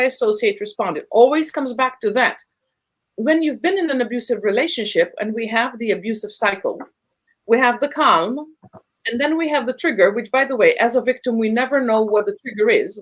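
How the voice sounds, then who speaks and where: On a podcast, a guest speaker on relationships explains how they work in a somewhat high voice. Her delivery is emphatic and teacherly, and she piles words into lists to hammer each point home.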